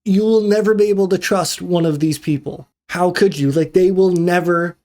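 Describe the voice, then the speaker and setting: A man with a slightly high voice hosts a solo tech podcast. He tells his story in a loose, ranting way and acts out the quoted lines as he goes. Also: steady tone, normal speed, dark tone. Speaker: podcast host. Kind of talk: casual solo podcast monologue.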